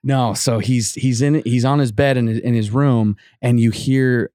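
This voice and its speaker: A man's voice: mid-range voice, fairly even intonation, unhurried, dark tone, dry recording, clean studio sound. A man telling a ghost story to his co-hosts in a casual, rambling way, full of fillers and restarts, acting out what people said.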